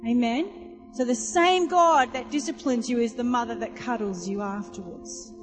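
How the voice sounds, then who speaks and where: A woman's voice: on the high side, moderate pace, big-room sound, over music. A woman preaching a sermon, telling stories and asking the congregation questions in a chatty way. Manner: chatty storytelling, asks the audience questions.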